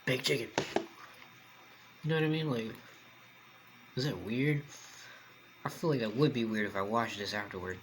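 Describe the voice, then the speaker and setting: A man's voice: mid-range voice, moderate pace, pauses often, background noise. A young man, chatting casually to the camera while he eats, rambling and talking with food in his mouth. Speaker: mukbang vlogger.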